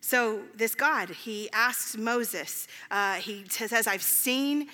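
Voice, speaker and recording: A woman preaching a sermon, telling stories in a conversational, animated way with filler words. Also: fairly high pitch, takes it slowly. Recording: long hall reverb.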